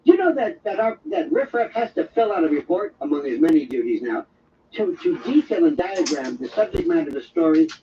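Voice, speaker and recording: A man hosting an overnight radio talk show. He tells a wandering, jokey monologue and slips into quick impressions. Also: a little high, big pitch swings, distant mic, dull audio, slight background noise. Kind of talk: rambling comic monologue.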